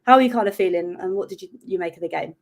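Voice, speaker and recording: Fast-talking woman host. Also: mid-range voice. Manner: upbeat, chatty, rapid. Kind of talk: live fan show hosting.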